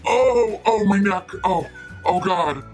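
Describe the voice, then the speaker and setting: A woman's voice: medium pitch, slow, a little mellow, soft background music, natural voice. A woman voicing a whining male cab driver who fakes injury, groaning melodramatically. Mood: moaning.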